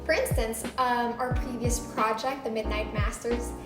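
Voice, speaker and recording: A woman from the Philippines with a slightly high voice hosts a home design vlog. She talks to camera with chatty enthusiasm as she describes her choices. The room is echoey, and music plays underneath. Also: steady tone, moderate pace. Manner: enthusiastic, shows off samples with a chatty, descriptive flow. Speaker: interior designer and vlog host. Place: home under renovation, indoors. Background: background music, occasional banging.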